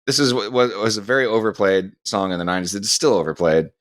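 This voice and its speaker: A man's voice: fairly low pitch, quick pace, no room sound, studio quality. A middle-aged man co-hosting a podcast, meandering through an anecdotal story in casual chat. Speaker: podcast co-host.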